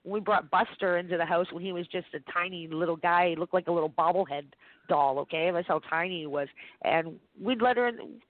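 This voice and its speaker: A woman co-hosting a podcast, telling stories in a lively, chatty way and laughing often. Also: lowish voice, fairly quick, dry recording. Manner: animated storyteller, laughs often. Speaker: podcast co-host. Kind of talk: casual chat. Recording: dry tinny phone-like sound.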